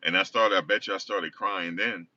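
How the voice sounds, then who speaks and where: Low-voiced man telling a rambling story. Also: fairly even intonation, normal speed, sharp tone. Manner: rambling, self-correcting, conversational. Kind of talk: casual personal storytelling. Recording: distant dull lo-fi recording.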